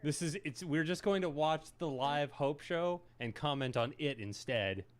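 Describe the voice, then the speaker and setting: A man's voice: on the high side, normal speed. Laid-back male podcast host. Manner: laughing, rambling with restarts. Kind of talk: casual chat on a live stream.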